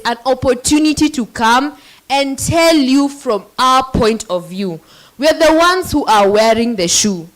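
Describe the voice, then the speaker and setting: A woman's voice: high voice, lively intonation, measured pace, low-quality recording. A teenage girl from Kenya, acting as child representative and moderator, speaks earnestly and emotionally to a conference audience.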